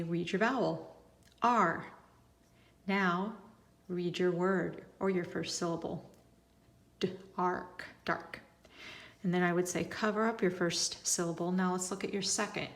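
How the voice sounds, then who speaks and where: A woman teacher walks parents through a reading lesson at a patient, careful pace. Her voice sits a little low, and she models each sound slowly and plainly. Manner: patient, slow, modeling each step aloud. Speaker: first grade teacher. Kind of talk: instructional tutorial for parents.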